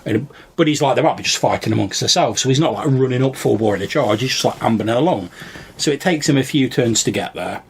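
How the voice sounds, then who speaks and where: Gravelly man recounting a game session. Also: medium pitch, lively intonation, quick pace, a little hiss or hum. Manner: rambling, many fillers and restarts. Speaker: podcast co-host and game master. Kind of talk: casual storytelling chat.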